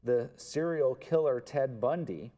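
Slow, mellow-voiced male preacher. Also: mid-range voice. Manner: earnest, emphatic, repeats words for stress. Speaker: pastor. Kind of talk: expository sermon.

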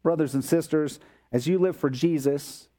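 A man's voice: fairly high pitch, normal speed, mellow. A man preaching a sermon as a pastor, explaining scripture in a conversational way with everyday asides.

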